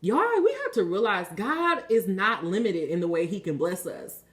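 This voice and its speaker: A tarot reader gives a spiritual reading in an animated, slightly bright voice of medium pitch at a moderate pace. She talks passionately but casually, in a conversational way, swearing freely and preaching to her viewers.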